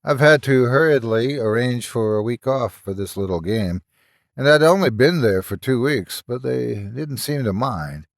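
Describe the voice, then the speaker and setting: A young doctor, voiced by a man, speaks hesitantly and apologetically, tripping over the start of his lines. His voice moves lively up and down. The sound is dry and close. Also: medium pitch, unhurried, vocal fry, no room sound. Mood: uneasy.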